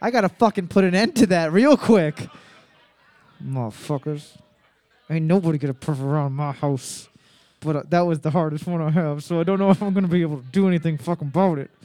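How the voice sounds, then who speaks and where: A man with a fairly high voice hosts a trivia night, cracking profane jokes between questions. The sound is dry and close, with almost no room echo. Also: quick pace, few pauses, warm tone. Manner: profane, joking banter. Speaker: trivia host. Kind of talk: casual bar trivia hosting over a mic.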